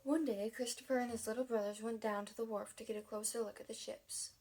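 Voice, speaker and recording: Husky lady reading a kids story, gravelly, kinda highish, casual with restarts. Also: steady tone, quick pace, a little mellow, low-quality recording. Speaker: audiobook reader. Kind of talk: children's storybook narration.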